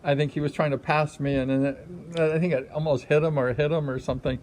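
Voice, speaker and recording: A former speedway rider in his sixties, casually telling a story from his racing days, animated and full of fillers. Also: fairly high pitch, fairly quick, a little hiss or hum. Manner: animated, acts out quotes, many fillers. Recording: music under the voice. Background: background music.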